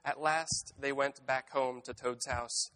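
A man giving a sermon in a reflective, unhurried voice. He reads aloud from a storybook and then draws lessons from it, slipping in gentle wordplay along the way. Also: mid-range voice, fairly even intonation. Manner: reflective, gently wry, with word-play asides. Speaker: pastor.

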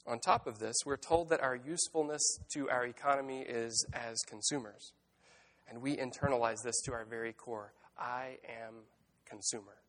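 A man preaching a sermon, reading a children's story aloud and then reflecting on it in a gentle, wry way. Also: mid-range voice, fairly even intonation, normal speed. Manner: reflective, gently wry, with word-play asides. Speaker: pastor.

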